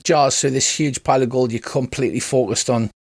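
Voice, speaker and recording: A man's voice: mid-range voice, brisk, breathy edge, no echo, clean studio sound. Man running a tabletop game. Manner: relaxed, chatty, stops and restarts as he rules. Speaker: game master.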